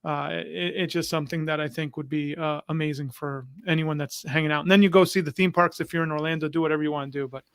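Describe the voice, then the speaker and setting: A man's voice: a little high, fairly even intonation, fast, few pauses, clear, resonant tone, dry recording. A man talking with enthusiasm as a guest on a casual livestream, telling stories energetically over a video call. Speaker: conference organizer, guest.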